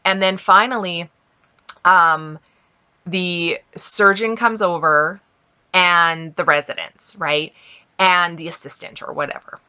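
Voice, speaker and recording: A woman's voice: fairly low pitch, fairly even intonation, takes it slowly, bright, forceful tone, clean tone. A middle-aged woman from Canada, chatting casually as a vlogger and telling a story with lots of fillers and quoted asides.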